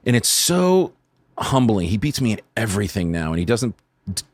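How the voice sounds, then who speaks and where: A middle-aged man from California's San Fernando Valley, a guest on a podcast, telling animated, self-deprecating stories in casual, profane chat. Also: fairly low pitch, normal speed, dry recording. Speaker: podcast guest, film producer.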